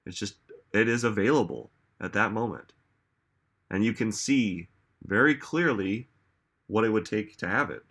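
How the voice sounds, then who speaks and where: A man with a fairly low, bright and forceful voice gives a self-help talk. He muses aloud and keeps posing rhetorical questions. His pace swings between quick runs and slow, stressed words. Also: animated, breathy edge. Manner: musing, asks many rhetorical questions. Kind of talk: reflective motivational talk.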